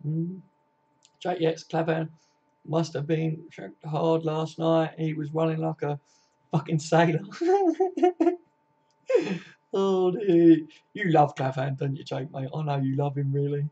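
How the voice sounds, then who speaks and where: A man's voice: on the high side, monotone, normal speed, dark tone, husky. Matey man on a lo-fi stream. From Kent, England. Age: 20s. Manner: laid-back, matey, swears freely, chats to viewers by name. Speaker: football fan live streamer. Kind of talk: casual live-stream chat reading viewer comments. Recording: dull lo-fi stream audio.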